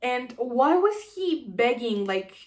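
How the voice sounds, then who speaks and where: A woman giving an animated, sarcastic book review, acting out the scenes she criticizes. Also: on the high side, takes it slowly.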